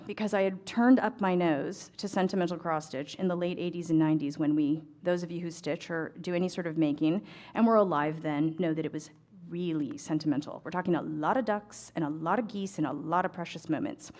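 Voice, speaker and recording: Middle-aged american woman telling a story to a crowd, lively, does the voices. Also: fairly low pitch. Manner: animated, acts out dialogue, chatty fillers. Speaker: ecclesiastical tailor and embroidery speaker. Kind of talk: storytelling talk to an audience.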